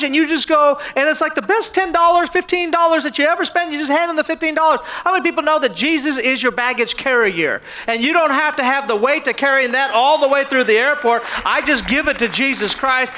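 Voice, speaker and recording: A high, bright male pastor preaching with a playful storyteller's touch. He slips into little voices for the people in his stories and keeps checking in with the crowd. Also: slight background noise. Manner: humorous storytelling, acts out everyday scenes. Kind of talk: sermon.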